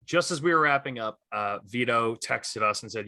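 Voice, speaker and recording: Guy cohosting a sports podcast, bright forceful voice, dry close mic, gets really into his stories. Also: medium pitch, moderate pace, no room sound. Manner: enthusiastic, animated retelling of stories. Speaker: podcast co-host. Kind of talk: casual sports podcast chat.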